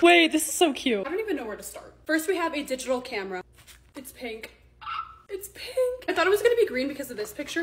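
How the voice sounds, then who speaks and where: A woman narrating her own vlog in a casual voice-over, bubbly and gushing in quick short remarks. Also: high-pitched, noisy background. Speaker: lifestyle content creator.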